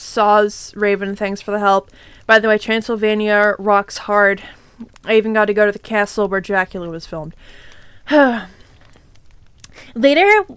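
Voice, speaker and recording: A woman's voice: medium pitch, a bit bright, clean tone, dry recording. A woman streamer reading a fanfic aloud, irreverent and swearing, with giggly asides.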